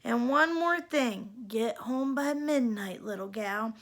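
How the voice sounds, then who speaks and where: Woman doing a high-voiced old cowgirl fairy godmother, folksy drawl, storybook. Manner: folksy cowboy talk, slow drawl.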